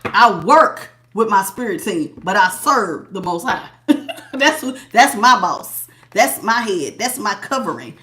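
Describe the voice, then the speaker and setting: A woman's voice: mid-range voice, very animated, slow pace, bright, forceful tone. A woman hosting a live tarot reading, chatting casually with viewers and laughing often.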